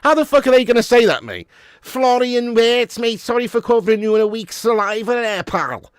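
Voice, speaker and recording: A man doing a mock Scouse accent, stretching his words out slowly and exaggerating his vowels. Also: extremely high pitch, animated, smooth, dry recording, studio quality, pitched above the performer's own voice. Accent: Scouse put-on. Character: mocking Scouse lad, loud and nasal.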